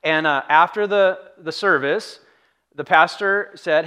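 Bright, chatty man preaching a sermon. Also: a little high, normal speed, clean tone. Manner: conversational and humorous, acts out quoted voices. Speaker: pastor. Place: church sanctuary.

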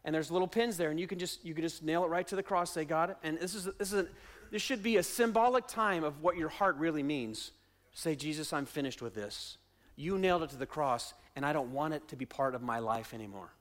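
Man, pastor, high voice, sermon, repeated refrains, soft-to-loud swings. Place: church sanctuary.

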